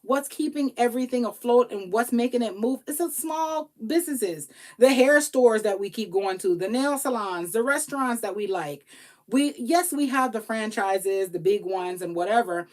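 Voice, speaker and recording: Brief: lively woman coach talking straight to camera, higher pitch, acts out quick quoted bits, begs viewers not to waste money. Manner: animated, acts out little quoted exchanges in changed voices; pleading, repeats herself for emphasis. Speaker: tax professional and business coach. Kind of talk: casual motivational talk to viewers.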